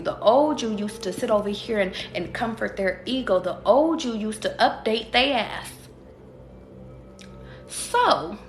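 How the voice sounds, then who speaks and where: Profane, emphatic woman in a roomy echo. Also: mid-range voice. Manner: profane, emphatic, rhetorical questions; talks straight to viewers. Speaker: tarot reader. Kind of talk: casual livestream pep talk.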